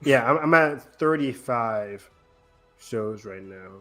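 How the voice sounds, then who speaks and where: Male podcast co-host, mid-pitched, casual and eager, meandering through his thoughts. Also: lively intonation, slow, sharp tone, soft background music. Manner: rambling, enthusiastic, loose with fillers. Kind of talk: casual chat.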